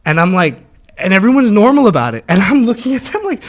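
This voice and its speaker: A young man telling a long dream story in casual chat with friends, animated and laughing often, acting out the voices of the people in it. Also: high-pitched, fast talker. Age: young adult. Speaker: host.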